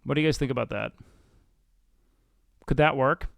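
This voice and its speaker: A man's voice: mid-range voice, normal speed, creaky, no echo. A man hosting a livestream, chatting casually and reading chat in a blunt, profane, self-mocking way. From Mexican and Salvadoran heritage. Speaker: livestream host.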